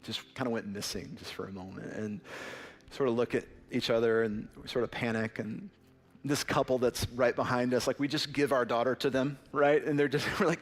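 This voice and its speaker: A man's voice: mid-range voice, steady tone, normal speed. A man in his thirties preaching a sermon as a pastor, telling stories in a conversational way with frequent "right?" asides.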